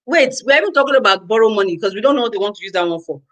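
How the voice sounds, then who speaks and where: A Nigerian woman ranting straight to her viewers in a vlog, exasperated and exclamatory. Her voice sits at an ordinary middle pitch, and she keeps circling back to the same phrases with rising disbelief. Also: expressive, racing, a bit bright, low-quality recording. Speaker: vlogger. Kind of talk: casual ranting commentary to viewers.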